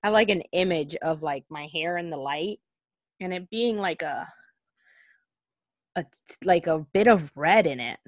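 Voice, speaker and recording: Lively low-voiced woman, joking. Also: moderate pace, pauses often, no room sound, highs cut off. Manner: joking, teasing, lots of fillers. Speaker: podcast co-host. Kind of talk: casual chat.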